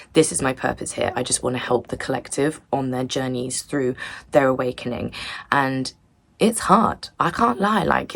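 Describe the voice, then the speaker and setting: A woman's voice: low voice, creaky, no room sound. A young woman giving a rambling, earnest tarot reading in a loose, chatty way. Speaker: tarot reader. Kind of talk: casual spiritual tarot reading.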